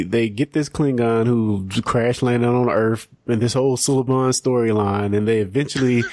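An animated man hosting a casual podcast chat, talking in a middle pitch with lots of fillers and restarts. His voice is recorded dry and close, with no room sound. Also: dry recording. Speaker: podcast host.

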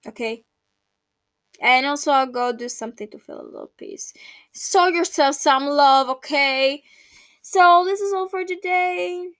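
A woman's voice: high-pitched, measured pace, fairly bright tone, no room sound. A young woman hosting a casual solo podcast from home at night, talking in a rambling, heartfelt, reflective way with many restarts. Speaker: podcast host.

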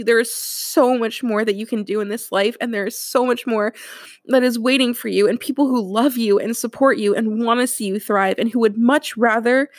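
A woman's voice: on the high side, dry recording, studio quality. Tearful young woman hosting a podcast. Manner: earnest, emotional, laughing through tears. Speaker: podcast host. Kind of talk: solo podcast talk.

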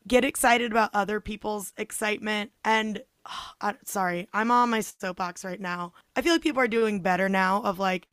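A young woman talks in casual podcast chat, animated and expressive as she acts out quoted voices and swears freely. Her voice sits at a middling pitch. The sound is dry and close, with no room in it. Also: normal speed, dry recording. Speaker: podcast co-host.

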